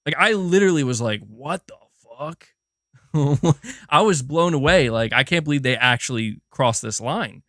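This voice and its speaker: A man hosting a gaming livestream, talking in a casual, animated and profane rant, often restarting his sentences and answering chat. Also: mid-range voice, moderate pace, no room sound, clean studio sound. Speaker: livestream host.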